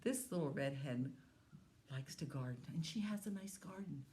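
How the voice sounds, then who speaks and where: A woman who is a children's librarian, telling a story to young children at story time in a slow, sing-song way. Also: low-pitched, expressive, mellow, a little hiss or hum.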